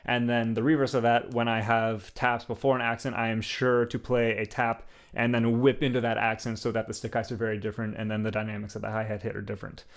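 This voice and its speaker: A young man teaching a drum beat in a casual, relaxed way, explaining hi-hat accents with enthusiasm and frequent fillers. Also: mid-range voice, quick pace, vocal fry, hardly any pauses. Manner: relaxed, enthusiastic, uses "like" and "um" often.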